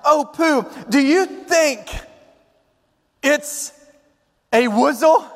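A man voicing a timid, eager little piglet with an excited, squealing manner. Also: very high voice, unhurried, in a large hall, pitched above the performer's own voice, heavily acted.

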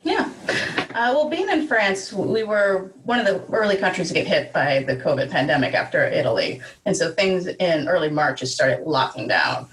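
A woman's voice: lowish voice, very animated, moderate pace. A woman wine writer chatting easily as a guest on a podcast interview. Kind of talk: casual interview chat. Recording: distant from the mic.

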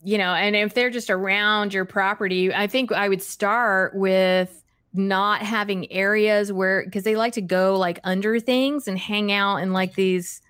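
A woman's voice: medium pitch, steady tone, a little slow, a bit bright, clean tone, no echo, studio quality. A woman hosting a live stream, answering chat questions in a casual, chatty way, laughing often and restarting her sentences. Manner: chatty, giggly, self-deprecating, many fillers and restarts.

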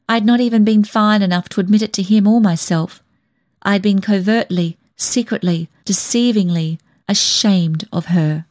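A woman narrating an audiobook in a gentle, reflective way. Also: medium pitch, no room sound, studio quality. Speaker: audiobook reader.

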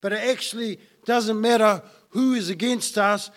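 A man's voice: high voice, moderate pace, few pauses. A man preaching a sermon as pastor, emphatic and fond of repeating key lines for effect.

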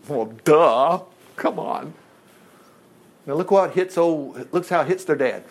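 A male preacher retelling a Bible story in a sermon, folksy and animated with joking asides. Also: high-pitched, normal speed.

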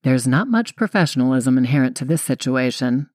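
A woman's voice: rumbling low, expressive, brisk, darkish tone, no echo, studio quality. A young woman reading a first-person audiobook in a wry, confiding way. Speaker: audiobook narrator.

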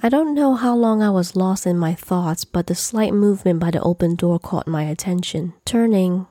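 A woman's voice: on the low side, moderate pace, warm tone, no room sound, clean studio sound. A woman narrating an audiobook in the first person, with a wry, sardonic manner. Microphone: close studio mic.

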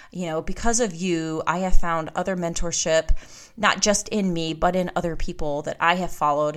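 A woman's voice: lowish voice, a bit bright. A woman hosting her own podcast, talking candidly and emphatically in a motivational monologue. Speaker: podcast host. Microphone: podcast microphone.

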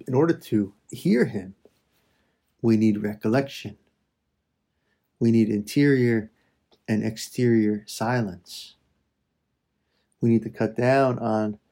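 A man speaks a slow, reflective prayer meditation in a mellow, darker voice with a slightly husky edge. He talks with soft pauses, turning from prayer to gentle teaching. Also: medium pitch.

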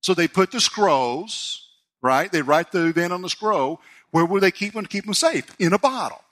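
A man, preaching a sermon as a pastor and telling a personal story with animated delivery. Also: normal speed. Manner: storytelling, animated, voice rising high when excited.

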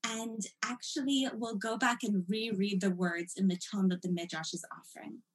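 Woman teaching a text study class, lively and emphatic, walks through it like she's explaining to students. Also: medium pitch, moderate pace, few pauses, low-quality recording.

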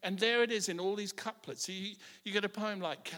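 Bright-voiced man preaching in an echoey hall. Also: sits high, fairly even intonation, brisk, hardly any pauses. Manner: impassioned, repeats words when starting lines. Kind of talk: sermon.

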